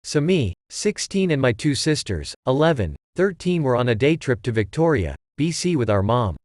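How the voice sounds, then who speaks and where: Man, first-person story reader, mid pitch, plain read, dry close mic. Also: very animated, moderate pace, darkish tone, dry recording. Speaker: story narrator. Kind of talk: scripted first-person narration.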